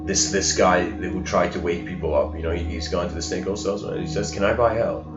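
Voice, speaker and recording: Low-voiced man telling a story, roomy. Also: level tone, quick pace. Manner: loose and chatty, often laughing, many "you know" fillers. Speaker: spiritual lecturer. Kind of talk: storytelling lecture. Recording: dull roomy recording with music behind.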